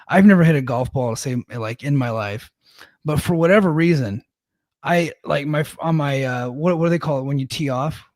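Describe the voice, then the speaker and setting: A man's voice: a little high, normal speed, a little mellow, dry recording, studio quality. A man in his thirties, co-hosting a podcast, tells a rambling, self-deprecating story in casual chat with lots of restarts. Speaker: podcast co-host.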